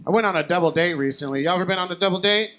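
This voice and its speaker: A young man with a notably high voice works a bar crowd through a handheld mic. His stand-up set is conversational and self-deprecating, and he keeps turning to the audience with questions. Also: very fast, bright, forceful tone. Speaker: stand-up comic. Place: comedy bar stage. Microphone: handheld stage mic.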